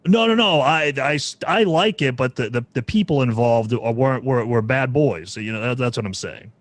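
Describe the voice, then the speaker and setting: A man hosting a casual music podcast, rambling as he works through his thoughts. His voice sits at an ordinary middle pitch. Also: animated, normal speed, no echo. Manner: rambling, full of restarts and fillers. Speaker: podcast host.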